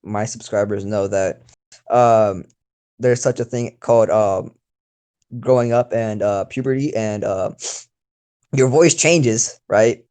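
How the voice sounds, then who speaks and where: A man's voice: fairly low pitch, slow, pauses often, darkish tone, clean tone. A teenage boy co-hosting a casual voice chat, talking loosely with many fillers and giggling often. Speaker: YouTuber co-host.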